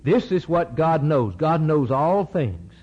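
A male preacher works through a Bible passage in an emphatic sermon. His voice sits a little high and moves with lively swings of pitch, driving points home with repetition. The recording is dull and lo-fi. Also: takes it slowly, husky. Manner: emphatic, repetitive, rhetorical questions.

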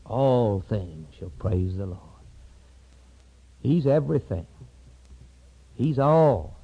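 A man preaching an impassioned sermon, rising to high cries and dropping to hushed, low tones. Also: sing-song, takes it slowly, vocal fry, long pauses, husky, rough recording.

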